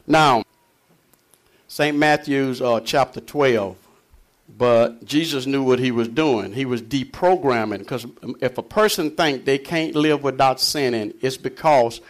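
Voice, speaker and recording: A man's voice: medium pitch, takes it slowly. A man preaching a conversational sermon, reading scripture aloud and explaining it in a folksy way, chuckling often between points.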